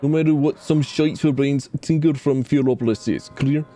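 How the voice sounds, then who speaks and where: Gruff menacing Scottish camp leader, male, bossy and curt, voiced by a man. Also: medium pitch, fairly even intonation, moderate pace, dark tone, soft background music, voice pushed up, lightly acted. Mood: stern. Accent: put-on Scottish. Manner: stern, threatening, clipped.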